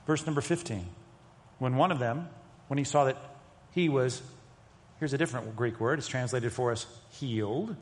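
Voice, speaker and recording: A pastor preaching a sermon, emphatic, moving between loud stresses and hushed asides. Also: male voice, mid-range voice, moderate pace, long pauses. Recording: long reverb of a large hall.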